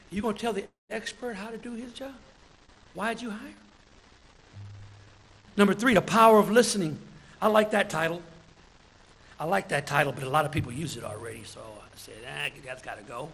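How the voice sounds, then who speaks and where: High, bright-voiced man preaching. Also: normal speed, vocal fry, long pauses, slight background noise, poor audio. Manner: lively, chuckles between points, calls out praise. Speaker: deacon. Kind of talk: sermon.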